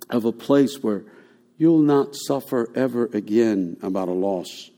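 A man's voice: medium pitch, dark tone. A man preaching a sermon as pastor, talking to the congregation conversationally and then building to emphatic, repeated declarations. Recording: long hall reverb.

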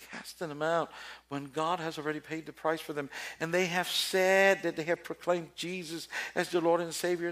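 A man preaching a sermon with passion, swinging between quiet storytelling and loud, rising questions to his listeners. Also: a little high.

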